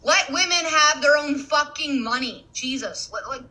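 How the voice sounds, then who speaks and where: Young woman, casual rant, blunt, swears constantly, bright tone, lively swinging pitch. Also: moderate pace, poor audio. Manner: blunt, swears a lot, laughs mid-sentence. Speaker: content creator. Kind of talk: casual profane rant to camera.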